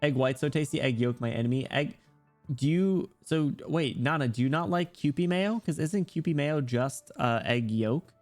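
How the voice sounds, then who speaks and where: A man's voice: fairly high pitch, moderate pace, darkish tone, soft background music. A man streaming and chatting casually with his viewers, rambling and poking fun at himself. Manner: rambling, self-deprecating, joking.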